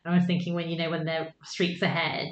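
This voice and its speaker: A woman's voice: low-pitched, level tone, fairly quick. A woman co-hosting a podcast, chatting casually and agreeably, trailing off with fillers. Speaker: podcast co-host. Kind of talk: casual chat. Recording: roomy, slightly dull sound.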